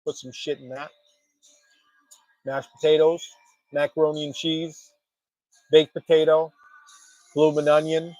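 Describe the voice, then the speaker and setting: Jokey, profane male host, slightly high voice, dry close sound. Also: no room sound, low-quality recording. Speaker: podcast host. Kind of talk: casual chat.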